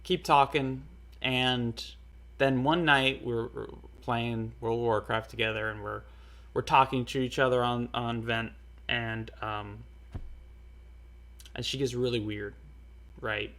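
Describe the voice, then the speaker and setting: Slow, halting young man telling a story. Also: medium pitch, fairly even intonation, fairly bright tone. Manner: halting, earnest, heavy with fillers. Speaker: storyteller vlogger. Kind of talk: casual personal story.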